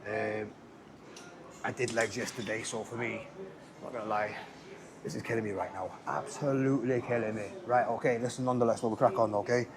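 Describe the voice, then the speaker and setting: A man's voice: fairly low pitch, level tone, brisk, pauses often, a crowd in the background. A man coaching a gym workout in a casual, chatty way, often checking in with the viewer. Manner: chatty, coaching, keeps checking in with "okay, lads?". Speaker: fitness instructor. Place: indoor gym.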